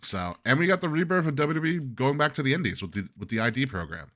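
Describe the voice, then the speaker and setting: A man's voice: medium pitch, lively intonation, fast, a bit bright. A man hosting a podcast in casual chat, laughing often and joking loosely. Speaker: podcast host.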